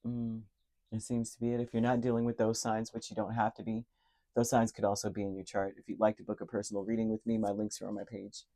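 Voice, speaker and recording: Speaking fast in a fairly low, mellow voice, this man gives a direct-to-camera tarot reading with a completely flat delivery. He comes across as earnest and emotional, repeating key words and often restarting or using fillers.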